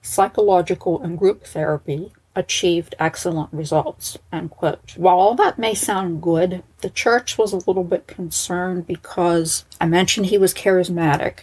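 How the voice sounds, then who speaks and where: A woman narrates in a loose, conversational way and keeps breaking off for wry personal asides. Her voice is a little husky and sits on the low side. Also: darkish tone, rough recording. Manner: chatty, aside-prone, wry. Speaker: storyteller. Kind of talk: casual narration.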